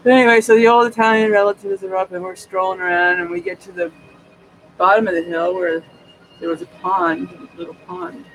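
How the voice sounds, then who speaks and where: This high-pitched male voice stays level in tone, moves fairly quickly and sounds fairly bright, though the low-quality recording carries slight background noise. The speaker is a New York State vlogger chatting to his camera at home in a loose, wandering monologue full of restarts and frequent laughter. It's captured on the camera mic with music in the background.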